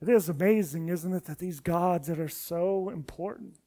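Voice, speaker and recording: High-voiced preacher acting out scripture. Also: male voice, normal speed. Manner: retells scripture with dramatic voices, dropping to a quiet, low finish. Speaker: pastor. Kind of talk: expository sermon.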